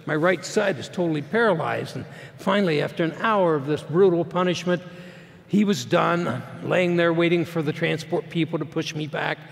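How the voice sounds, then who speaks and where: A man's voice: a little high, moderate pace, vocal fry. Folksy man telling his story in a hall. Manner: plainspoken folksy storytelling, swinging from hushed to loud. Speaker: motivational speaker. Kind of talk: personal story told to a live audience. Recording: long hall reverb.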